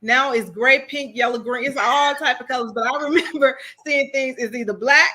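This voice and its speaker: A woman transformation coach speaking as an interview guest, telling stories in an animated way and repeating phrases for emphasis. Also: sits high, normal speed. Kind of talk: conversational interview.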